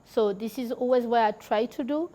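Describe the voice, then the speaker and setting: A woman talking as a podcast guest in a loose, chatty way. Her voice sits a little high, and her talk is full of "like" and "you know". She laughs now and then as she tells her stories. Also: moderate pace, dark tone. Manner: chatty, heavy use of filler "like" and "you know"; laughs while telling stories. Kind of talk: casual conversational storytelling.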